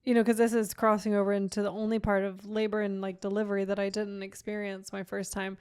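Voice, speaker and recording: A young woman tells her story in an easy, chatty way, leaning on "like" as she talks. Her voice is smooth and clean, sitting at an ordinary middle pitch for a woman. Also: flat delivery, fast, darkish tone. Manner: chatty, lots of "like" fillers, laughs often. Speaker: guest sharing her birth story. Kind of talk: casual conversational storytelling.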